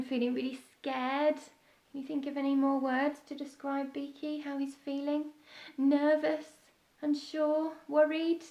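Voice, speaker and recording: A woman teacher reads a children's storytime gently, stopping to ask her young listeners questions. Her voice is high and her pace is slow. The room gives back a noticeable echo. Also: little pitch movement, lo-fi sound. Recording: echoey room.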